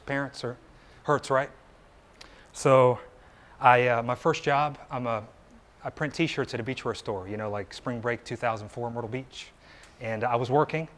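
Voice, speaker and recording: A man in his thirties gives a personal story speech to a live audience at an indoor meetup, earnest and conversational, asking the crowd rhetorical questions. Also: medium pitch. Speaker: motivational speaker.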